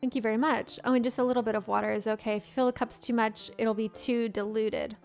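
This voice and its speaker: A woman plays a shy, easily flustered teenage girl in a visual novel game. The voice sits fairly high. Her speech comes soft and hesitant, apologetic and gentle. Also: fairly even intonation, fast talker, faint music behind, close to an everyday voice.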